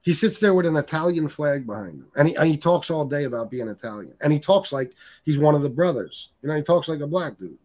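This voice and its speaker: A man's voice: on the high side, expressive, fast talker, a little mellow. A middle-aged man hosting a live stream, reading chat comments and trash-talking in a blunt, crude, heated way. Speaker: livestream host reading chat. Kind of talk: casual profane live-stream rant.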